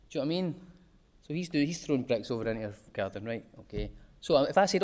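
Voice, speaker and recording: A man's voice: on the high side, expressive, rapid-fire. A man giving an informal talk to a small group, chatty and digressive, with homely examples.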